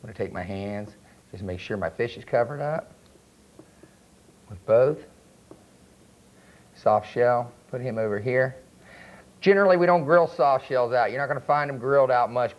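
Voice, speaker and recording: A man with a North Carolina accent, a chef talking through a cooking demonstration in a relaxed, plainspoken way. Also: medium pitch, moderate pace, pauses often. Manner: relaxed, plainspoken, step-by-step instruction. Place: outdoor charcoal grill by a house. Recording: dull lo-fi VHS recording.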